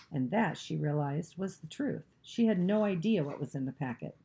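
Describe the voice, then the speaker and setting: A woman reading a novel aloud, narrating in a steady, even way. Her voice sits very low for a woman, with a warm, mellow tone. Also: moderate pace, gravelly, hardly any pauses.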